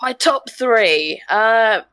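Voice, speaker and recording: A woman's voice: on the high side, lively intonation, drawn-out words, fairly bright tone. A woman in her thirties from Australia, with a mixed Australian, English and Canadian accent, chatting casually on a podcast with lots of fillers and laughs. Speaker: podcast co-host.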